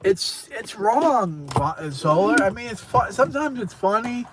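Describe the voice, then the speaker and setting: A man's voice: sits high, sing-song, a little slow, heavy background noise. A tipsy man hosting a casual show, rambling in sing-song bursts and swearing freely. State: tipsy from drinking. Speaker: show host. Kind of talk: casual livestream chat.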